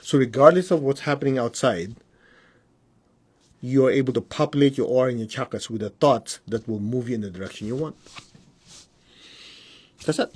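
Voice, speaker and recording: Spiritual teacher, male, husky and a little breathy, casual live-stream teaching with mid-range pitch. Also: a little mellow. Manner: conversational, asks the audience whether it makes sense; mimics students in high voices.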